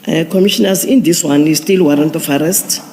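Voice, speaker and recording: A man, a police general giving formal testimony at an inquiry, measured and procedural with frequent restarts. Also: fairly high pitch, a little mellow, a little hiss or hum. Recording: long hall reverb.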